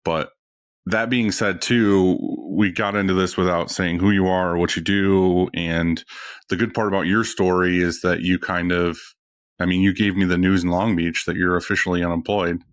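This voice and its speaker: A man hosting a podcast, asking questions in a relaxed, casual way with many fillers. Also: sits low, moderate pace, dry recording, studio quality. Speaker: podcast host. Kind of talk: casual interview chat.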